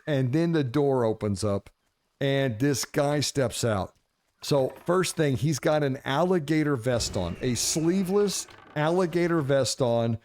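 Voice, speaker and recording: A man telling a story casually, animated and profane, laughing as he goes. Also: medium pitch. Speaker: gaming streamer.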